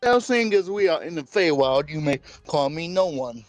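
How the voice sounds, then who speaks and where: A man playing a tabletop game, playful and deadpan, swearing casually. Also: on the high side, moderate pace, dry recording, soft background music, low-quality recording. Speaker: player. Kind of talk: tabletop role-play chat.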